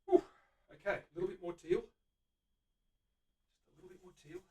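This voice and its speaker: A man's voice: high-pitched, expressive, brisk, recorded from a distance. A middle-aged man with an Australian accent, hosting a live-streamed workshop demonstration and chatting eagerly to viewers while he works. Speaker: luthier host. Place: guitar workshop. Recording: voice from away from the mic.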